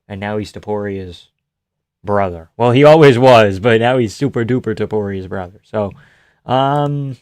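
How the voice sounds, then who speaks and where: A man's voice: fairly low pitch, normal speed, darkish tone, no echo, studio quality. A man hosting a casual livestream, rambling, swearing and reading viewer comments aloud. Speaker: livestream host.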